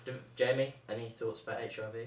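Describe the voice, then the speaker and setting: Monotone guy joking about himself in a living room, mic far off, faint hiss. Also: medium pitch, fast, reverberant. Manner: dry, self-mocking. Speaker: co-host of the ramble. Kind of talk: casual joking chat.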